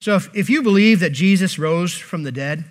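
High-voiced emphatic male preacher. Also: normal speed. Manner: emphatic, animated, with joking asides. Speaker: pastor. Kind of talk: sermon.

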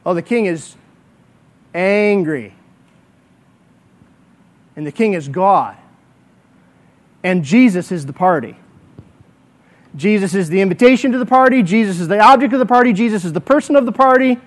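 A male pastor delivering a sermon to a congregation. His voice sits notably high for a man. He is emphatic and slows down deliberately to drive his main points home. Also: animated. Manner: emphatic, slows down to stress key words.

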